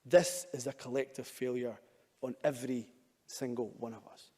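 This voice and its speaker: A man's voice: mid-range voice, fairly even intonation, normal speed, darkish tone, slightly rough. Man, earnest speech in echoing chamber. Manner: earnest and emphatic, with repeated urging statements. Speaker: government minister addressing parliament. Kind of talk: formal parliamentary speech. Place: large debating chamber. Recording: long reverb of a debating chamber.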